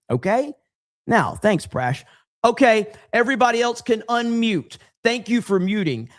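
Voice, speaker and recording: A man hosting a casual livestream, rambling sarcastically and reading out chat messages. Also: sits high. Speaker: livestream host.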